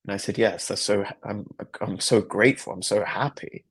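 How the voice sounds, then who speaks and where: A man's voice: lowish voice, normal speed, husky. A man hosting a podcast, telling a personal story in an earnest, reflective way with a lot of repetition. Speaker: podcast host. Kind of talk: personal story, motivational talk.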